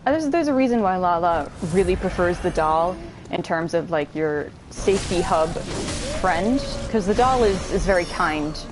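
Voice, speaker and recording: A woman giving casual let's-play commentary, chatty and quick to swear and laugh as she switches between the story and the gameplay. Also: lowish voice, lively intonation, noisy background. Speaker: gamer playing on video.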